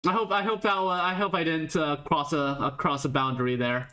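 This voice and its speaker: Bright, giggly woman streamer. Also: low-pitched, fairly even intonation, brisk. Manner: giggly, self-mocking, apologetic. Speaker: game streamer. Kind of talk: casual game-stream commentary.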